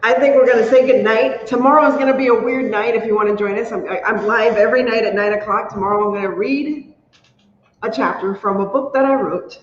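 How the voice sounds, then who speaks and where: A woman hosting a casual live crafting stream, chatty and upbeat, thanking her viewers warmly. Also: fairly high pitch, steady tone, fairly quick. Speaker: livestream crafting host. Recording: echoey room, dull lo-fi sound.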